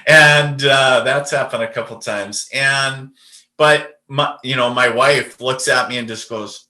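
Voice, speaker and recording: A man's voice: medium pitch, steady tone, measured pace, pushed and bright, reverberant. A man, a podcast guest and medium, telling a personal story in a casual, rambling way with lots of fillers and restarts.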